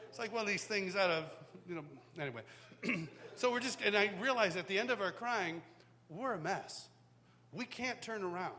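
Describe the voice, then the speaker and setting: A man teaching a worship school, telling a personal story in an animated way, acting out quotes and laughing often, in front of a live audience. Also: sits high. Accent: Canadian. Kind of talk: storytelling sermon. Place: large hall, live audience.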